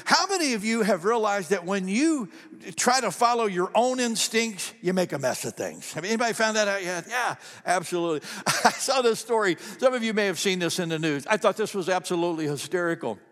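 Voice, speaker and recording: In a church sanctuary, a pastor preaches a sermon in a voice that sits high and a bit bright, fairly quick and lively in intonation. He tells stories with animation and repeats phrases for emphasis, with the long reverb of a large church hall around him.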